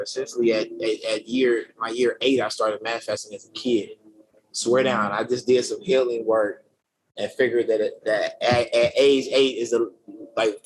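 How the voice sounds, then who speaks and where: A man telling his life story as a guest in a casual interview. He speaks in slangy, energetic talk full of fillers and restarts. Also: mid-range voice, low-quality recording. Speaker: podcast guest, creative director.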